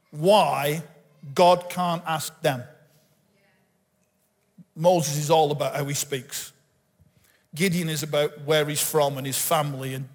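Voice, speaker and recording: A middle-aged man from England, preaching a lively sermon and acting out the quotes he tells. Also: a little high. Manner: animated preaching, acts out quotes. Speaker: guest pastor. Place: church hall. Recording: reverberant church hall.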